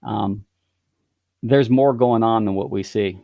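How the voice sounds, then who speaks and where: A man's voice: on the low side, slow pace, gravelly, no echo, narrow, tinny audio. A man who is a guest on a podcast, telling a story in a theatrical way and playing up the drama. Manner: theatrical, exaggerating for effect. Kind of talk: animated storytelling.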